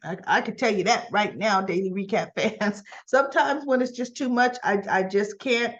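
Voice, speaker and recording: A woman talks through a soap opera episode in a loose, chatty way, jumping up in pitch to act out the characters' lines. The audio is a little dull and lo-fi. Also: normal speed. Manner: animated, acts out characters' lines in raised voice. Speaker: soap opera recap host. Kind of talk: casual recap chat.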